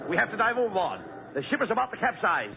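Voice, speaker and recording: A man performing 1940s radio comedy as a brisk, bossy straight man who keeps giving orders. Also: high-pitched, big pitch swings, vocal fry, background noise. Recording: tinny old radio broadcast with audience laughter.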